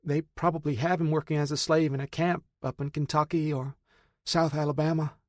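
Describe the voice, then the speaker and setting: A man's voice: fairly high pitch, little pitch movement, fairly quick, a little mellow, no room sound, clean studio sound, voice pushed up, close to an everyday voice. A man voicing a grieving woman who pleads urgently with her brother-in-law.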